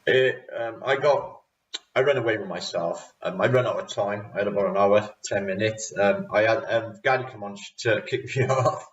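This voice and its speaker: A man's voice: on the low side, moderate pace. A Welsh man from Wales hosting his channel, chatting casually and rambling with frequent laughs. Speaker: channel host. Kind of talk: casual vlog recap. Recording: roomy, distant, dull sound.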